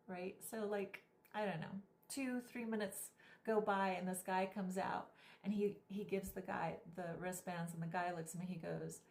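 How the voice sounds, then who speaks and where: A woman's voice: lowish voice, steady tone, normal speed. A woman vlogger and spiritual guide who tells a story animatedly and acts out the people she quotes. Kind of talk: storytelling vlog. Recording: echoey room.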